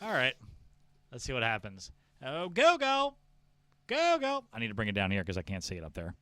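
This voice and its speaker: A man's voice: mid-range voice, wildly swooping pitch, normal speed, sharp tone, no echo. Giggly rambling male co-host. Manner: giggly, rambling, puts on mock Southern drawl. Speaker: podcast co-host. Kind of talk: casual comedic banter.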